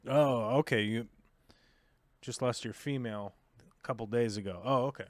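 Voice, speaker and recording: An American man hosts a livestream, rambling casually and reading viewer comments with plenty of fillers. His medium-pitched voice moves at a moderate pace, and the recording is dry.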